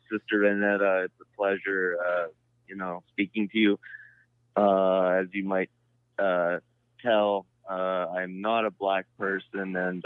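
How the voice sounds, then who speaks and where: A man's voice: lowish voice, clean tone, no room sound. A man calling in to a talk show, talking hesitantly with lots of fillers. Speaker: caller. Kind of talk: call-in conversation. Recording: tinny phone line.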